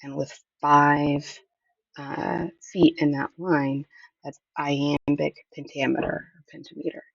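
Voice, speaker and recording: A woman teacher talks through a lesson in a patient, explanatory way, thinking aloud as she goes. Her voice is gravelly and husky and stays fairly flat. The dull, lo-fi recording picks her up from a distance. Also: deep voice, slow pace, no echo. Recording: dull lo-fi audio, mic at a distance.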